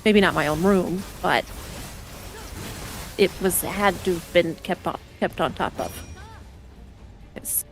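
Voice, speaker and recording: Speaking slowly with long pauses, a young woman with a fairly low voice chats casually while streaming a game. She laughs often as she rambles through anecdotes into her desk mic, with soft music playing in the background.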